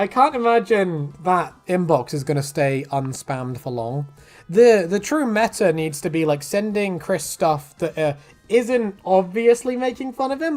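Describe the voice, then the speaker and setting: Brief: streamer, animated up-and-down delivery, loose and sweary, faint music underneath. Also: mid-range voice. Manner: laughs often, swears casually, rambling. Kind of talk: casual stream chat while drawing.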